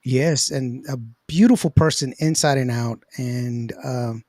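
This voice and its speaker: A man hosting an interview, effusive and halting, with many fillers as he talks. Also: mid-range voice, darkish tone. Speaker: radio host. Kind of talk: casual interview.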